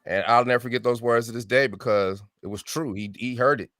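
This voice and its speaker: A man's voice: medium pitch, brisk, soft background music. A man in his fifties telling his story as an interview guest, acting out quoted voices and often adding "right?". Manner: animated storyteller who acts out quoted voices; frequent tag question "right?". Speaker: music artist guest.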